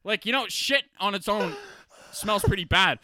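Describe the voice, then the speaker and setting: A young man co-hosting a podcast, telling crude bathroom stories in animated casual chat and laughing along. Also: sits high, normal speed, dry recording. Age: young adult. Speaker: podcast co-host.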